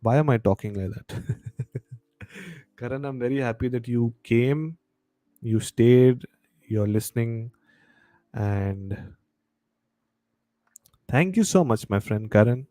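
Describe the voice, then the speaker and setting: A man's voice: mid-range voice, animated, takes it slowly, long pauses, mellow, no echo, clean studio sound. A man with a bad cold, hosting a casual live stream, chatting and reading viewer comments aloud. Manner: chatty, reads viewer comments aloud, mixes Hindi into English.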